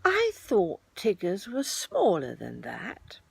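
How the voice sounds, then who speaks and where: A woman voicing a very small, timid young male piglet who speaks slowly and hesitantly. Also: medium pitch, wildly swooping pitch, gravelly, breathy edge, no room sound, heavily acted.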